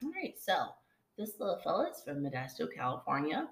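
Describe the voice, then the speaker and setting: A young woman with a low voice chats casually as a podcast co-host. She jokes and laughs often. Her voice rings in an echoey room. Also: huge pitch swings, fairly quick. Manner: joking, laughs often, playful. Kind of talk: casual chat over wine tasting.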